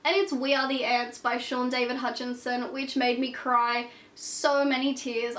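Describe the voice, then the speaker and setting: A woman's voice: fairly high pitch, fairly bright tone, distant mic. A young woman with a sick, congested voice, chatting casually and emphatically as a book vlogger. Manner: chatty, emphatic, self-deprecating. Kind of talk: casual vlog chat. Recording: echoey room, voice set back from the mic.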